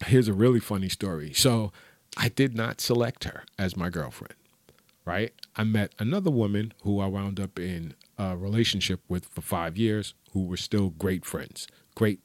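A man with a low voice tells casual stories on his podcast, laughing often and swearing freely. The room around him sounds dry and close. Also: no echo. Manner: profane, laughing, animated storyteller. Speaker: podcast host. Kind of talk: casual solo storytelling.

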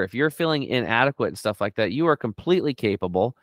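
A middle-aged man telling stories in a lively interview, acting out quotes with sudden jumps in his voice. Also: fast talker, no room sound. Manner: animated storyteller, acts out quotes with big pitch jumps. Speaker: guest on a health talk show. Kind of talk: energetic conversational interview.

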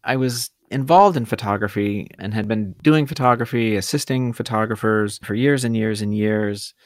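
A man telling the story of his career in a relaxed interview, rambling and self-deprecating, with hesitant restarts. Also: lowish voice, moderate pace. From California. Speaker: guest food photographer.

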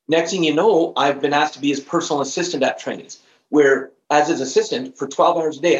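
A man in his fifties, a professional trainer on a podcast, telling an emphatic story and acting out the dialogue. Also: on the high side. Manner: animated, emphatic storyteller who acts out dialogue. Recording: roomy, slightly dull recording.

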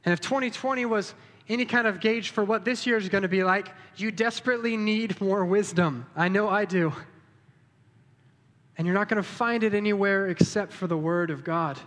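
A man's voice: high-pitched, moderate pace. A man preaching as a pastor in a church, casual and encouraging, speaking straight to his congregation before leading a prayer. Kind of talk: sermon with closing prayer. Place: church sanctuary. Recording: reverberant church hall with soft music.

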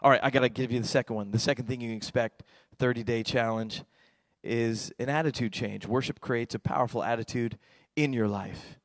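A middle-aged man preaching a lively sermon as pastor, swinging between quiet, intimate stretches and loud, excited ones. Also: mid-range voice, brisk, no room sound.

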